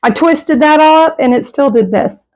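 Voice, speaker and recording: A woman's voice: sits high, moderate pace, a little mellow, rough recording. Chatty woman cooking at home. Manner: chatty, self-deprecating, folksy. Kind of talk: casual cooking vlog chat. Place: home kitchen.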